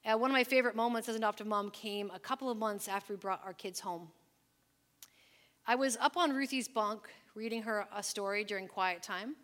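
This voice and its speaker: A woman's voice: medium pitch, a little fast, fairly bright tone. A woman in her forties telling a personal story during a church talk, chatty and loose, with many "like"s and "um"s. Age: 40s. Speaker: speaker at a church service.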